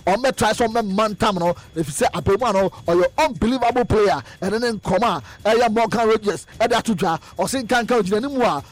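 Very high-voiced excitable male presenter. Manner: excitable, repeats phrases in chanting bursts, mixes in English words. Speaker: sports news presenter. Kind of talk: animated football news roundup.

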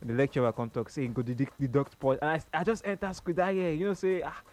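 A young man with a Nigerian accent, co-hosting a chat show and telling a relaxed personal story. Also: a little high, fast talker. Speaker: co-host. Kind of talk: casual chat in Nigerian Pidgin.

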